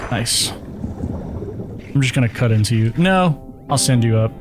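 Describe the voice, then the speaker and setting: A man's voice: medium pitch, animated, slow, music in the background. A man giving casual, profane commentary while playing a video game, reacting to the action and talking to himself. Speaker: gaming YouTuber.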